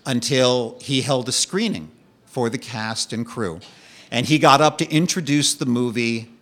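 A man telling a personal story as a monologue, with a wry, animated delivery that drops low and quiet for the darker parts.

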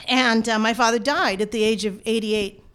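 A woman from the United States telling a personal family story in an animated, wry manner. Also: fairly high pitch, moderate pace, clean tone.

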